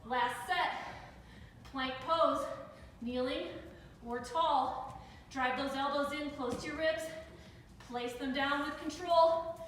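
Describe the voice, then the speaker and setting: Brief: young female fitness instructor, high voice, winded and encouraging, recorded from across a reverberant room. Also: slow pace, a little hiss or hum. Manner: upbeat encouraging cues, counting down reps. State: out of breath. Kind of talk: live workout coaching. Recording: echoey room with reverb, mic far off.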